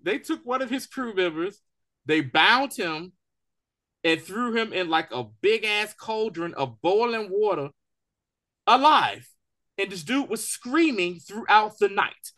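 A man's voice: sits high, a little slow. A man co-hosting a TV review podcast, retelling scenes in casual slang and acting out the characters' lines. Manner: animated storytelling, acts out quotes. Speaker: co-host of a TV review show. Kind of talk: casual recap chat.

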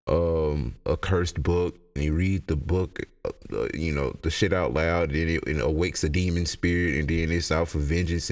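A young man, high and rambling through a casual, profane solo podcast rant. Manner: rambling, profane, laughs a lot. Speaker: podcast host.

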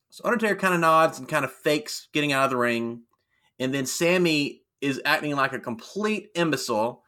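A man co-hosting a casual podcast, recapping wrestling with quick jokey asides. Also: fairly high pitch, lively intonation, fairly bright tone. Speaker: podcast co-host.

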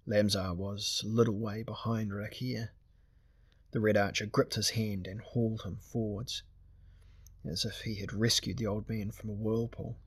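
A man narrating a fantasy audiobook in a steady, measured way. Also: on the low side, slightly rough, no echo.

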